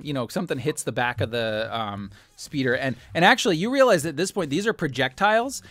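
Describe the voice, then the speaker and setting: A man's voice: medium pitch, expressive, a little fast, few pauses, fairly bright tone, no echo. A man narrating as game master in a tabletop game, rambling with many fillers.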